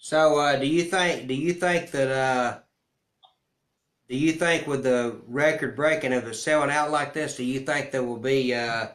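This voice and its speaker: A male host asking halting, hesitant questions. His voice sits at a middling pitch and rings in an echoey room. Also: a bit bright. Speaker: interview host. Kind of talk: casual interview.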